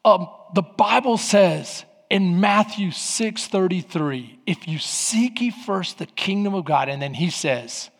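A man, a pastor, telling a story in a sermon, swinging between shouting and quiet asides. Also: sits high, expressive, slow, few pauses. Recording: long hall reverb.

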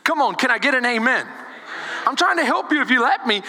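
High-pitched guy preaching, lively and bright, big echoey church hall. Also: brisk. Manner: animated, calls for responses from the congregation. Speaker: pastor. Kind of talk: sermon.

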